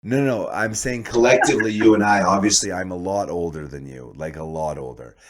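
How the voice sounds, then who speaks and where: A man hosting a podcast, talking in a casual, joking way with a hoarse voice. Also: low-pitched, fairly quick, a crowd in the background. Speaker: podcast host.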